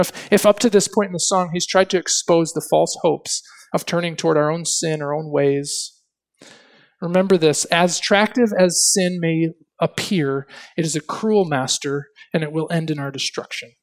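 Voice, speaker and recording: A man's voice: a little high, normal speed. A male preacher giving an expository sermon, asking rhetorical questions and reading scripture with dramatic emphasis.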